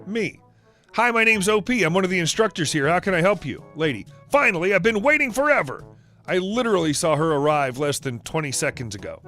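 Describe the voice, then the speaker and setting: A man's voice: a little high, lively intonation, a little fast, a bit bright, soft background music. A man narrating reddit stories, reading every character's dialogue in the same voice. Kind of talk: scripted story narration.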